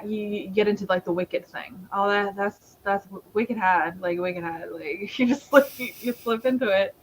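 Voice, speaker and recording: A woman's voice: mid-range voice, fairly bright tone, slight background noise, low-quality recording. A young woman from Georgia in the United States, hosting a casual live-stream chat and rambling with many restarts. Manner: rambling, self-correcting, lots of fillers. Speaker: host.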